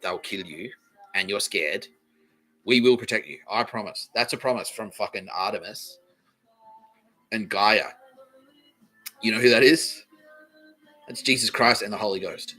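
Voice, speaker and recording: A lower-pitched man with a bright, forceful edge to his voice rants on a comedy podcast. He swears constantly and hammers the same phrases over and over. Faint music runs underneath. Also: fairly quick, long pauses, low-quality recording. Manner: swears constantly, repeats phrases, laughs at own lines. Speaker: podcast host. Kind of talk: profane comedic monologue.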